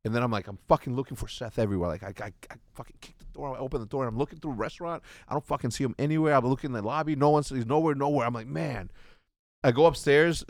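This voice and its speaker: A man in casual podcast chat, swearing freely as he acts out a story. His voice sits at a middle pitch. The sound is dry and close. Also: no room sound. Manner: profane, animated retelling with acted quotes. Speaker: podcast host, former pro gamer.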